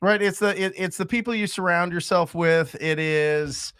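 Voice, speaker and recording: A man's voice: high-pitched, moderate pace, fairly bright tone, clean tone. A man hosting a live podcast, talking in an upbeat, emphatic way. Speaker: show host. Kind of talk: casual live podcast chat.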